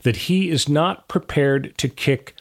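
A man's voice: a little high, takes it slowly, gravelly. A man co-hosting a legal talk podcast, laying out options step by step with many "uh" fillers. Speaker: podcast co-host, lawyer. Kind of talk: casual legal discussion.

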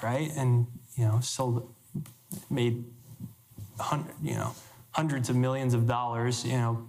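A man speaking at a live seminar, telling a story animatedly with many filler words and acted-out quotes. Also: medium pitch. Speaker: motivational speaker. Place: event hall with an audience. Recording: echoey hall recording.

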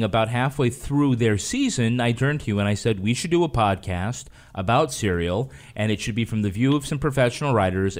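Low-voiced man telling a podcast origin story. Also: darkish tone. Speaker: podcast co-host. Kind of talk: casual podcast chat.

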